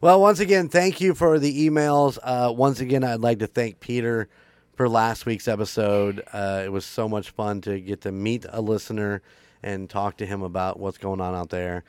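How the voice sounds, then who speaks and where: A man's voice: lowish voice, fairly even intonation, normal speed, clean tone, dry recording. A man hosting a paranormal podcast, wrapping up in a rambling, upbeat way with frequent laughs. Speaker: podcast host. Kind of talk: casual podcast outro chat.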